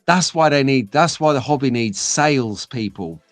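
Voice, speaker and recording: Middle-aged host, casual live-stream chatter, dry room, faint music. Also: male voice, mid-range voice, animated, normal speed, no echo. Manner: chatty, rambling, reads chat comments aloud.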